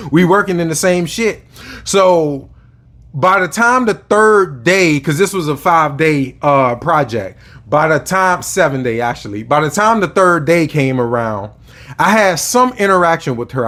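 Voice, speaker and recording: A man's voice: a little high, fairly bright tone. Profane man venting to camera. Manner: casual, profane, rambling with fillers. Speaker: spiritual vlogger.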